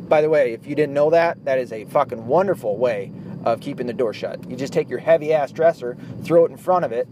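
A man's voice: medium pitch, fairly quick. A man in his thirties talking casually about fatherhood, blunt and profane, rambling with lots of fillers. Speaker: dad vlogger. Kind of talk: casual monologue to camera. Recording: outdoor traffic noise behind.

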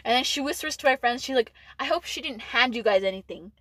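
A woman's voice: a little high, expressive, fast, a bit bright, no echo, rough recording. A teenage girl from Texas telling a school story in casual chat, rambling with lots of "like" and frequent swearing. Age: late teens. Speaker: podcast co-host.

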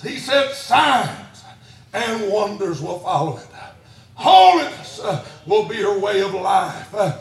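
A man preaching a fiery sermon in church, shouting and chanting his lines, out of breath at times. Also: sits high, very animated, takes it slowly, gravelly, reverberant. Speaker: pastor.

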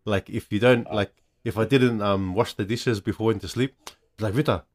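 A man's voice: fairly low pitch, fairly even intonation, moderate pace. A man in a casual podcast chat, telling family stories in an easygoing way with lots of fillers. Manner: easygoing storyteller with many fillers.

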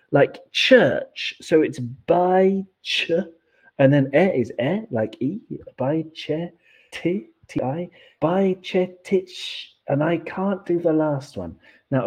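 Husky man explaining patiently. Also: medium pitch, darkish tone. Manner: explains pronunciation step by step, teacherly. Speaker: podcast host. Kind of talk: casual podcast chat.

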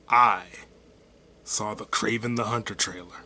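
A man hosts his own podcast solo, rambling casually with plenty of swearing and offhand jokes at his own expense. His voice is mid-range and fairly bright, delivered at a normal speed, with slight background noise in the recording.

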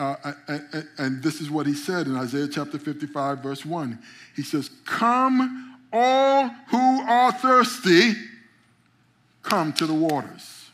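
A male pastor preaching a sermon, building to emphatic peaks, calling out to the congregation, and often stammering on repeated words. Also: fairly high pitch.

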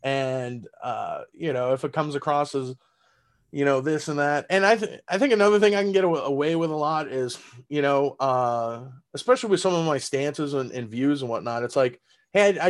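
A man's voice: a little high, fairly quick. A man with a Southern accent, a stand-up comedian in casual podcast chat who laughs often and talks loosely with lots of fillers and swearing. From Texas.

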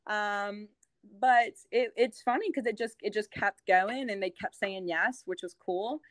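With a measured pace and a slightly bright mid-range voice, recorded with no room sound, a woman tells stories in easygoing conversation. Hailing from New Orleans, she moved from real estate to TV hosting, and she comes across as a chatty, giggly storyteller full of laughs and fillers.

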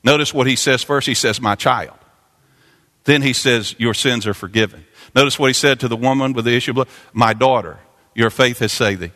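A man's voice: mid-range voice, fairly quick, pushed and bright. Preaching man in a reverberant sanctuary. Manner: preaching with swelling intensity, repeating phrases. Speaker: pastor. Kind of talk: sermon. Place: church sanctuary. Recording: long church reverb.

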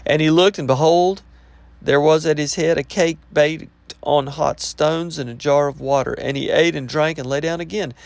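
A man delivers a sermon, moving between scripture reading and plain explanation. His voice sits a little high with a gravelly edge. The recording is dry, with no room sound. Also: fairly even intonation, normal speed, dry recording. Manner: reads verses then breaks off to explain in plain talk. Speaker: preacher.

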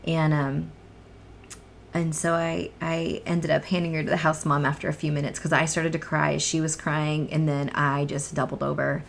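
A woman telling her own story as a guest in an emotional, earnest way, sometimes sinking into soft near-whispers. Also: deep voice, level tone, moderate pace, creaky, slight background noise. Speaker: guest sharing her testimony. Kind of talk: emotional personal testimony in a podcast chat.

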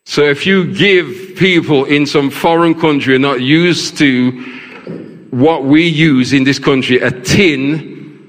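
A man's voice: fairly high pitch, takes it slowly, fairly bright tone. A man preaching a sermon as pastor, asking the congregation questions as he goes. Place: large church. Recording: long hall reverb in church.

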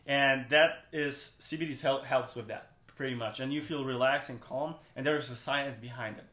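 A man's voice: medium pitch, fairly even intonation, moderate pace, bright, forceful tone, reverberant. A man, a guest on a podcast, chatting casually and rambling with many restarts. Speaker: podcast guest, brand co-founder. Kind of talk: casual interview chat.

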